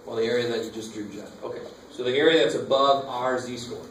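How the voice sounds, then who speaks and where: A man's voice: medium pitch, fairly even intonation, brisk, fairly bright tone. A man teaching a math lecture, talking casually and asking the class questions. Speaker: math instructor. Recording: echoey classroom from far off, faint noise.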